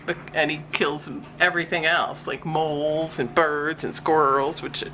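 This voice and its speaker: A woman's voice: a little slow, few pauses, a little hiss or hum. A woman vlogger telling a chatty story to the camera about her day, sometimes laughing, a little out of breath. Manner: animated, scolding her cat in high bursts, laughing between lines.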